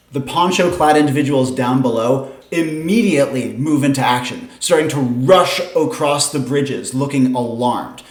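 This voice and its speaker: A man running a tabletop game as its game master, narrating scenes in a steady, descriptive way. His voice sits at a middling pitch. A roomy echo hangs around it.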